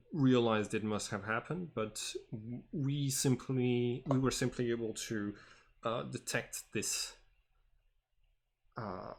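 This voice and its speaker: A man as game master, improvising narration and in-character answers in a hesitant, halting way full of fillers. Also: fairly low pitch. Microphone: online voice call.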